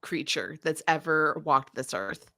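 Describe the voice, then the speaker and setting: Chatty jokey woman with a bright voice. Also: deep voice, animated, a little slow. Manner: chatty, jokey, many fillers. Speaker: podcast co-host. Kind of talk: casual recap chat.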